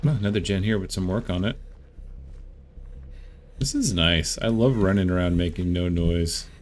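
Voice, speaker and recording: A man giving relaxed, casual commentary while playing a game, muttering asides to himself. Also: low voice, normal speed, slight background noise. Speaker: gameplay commentator.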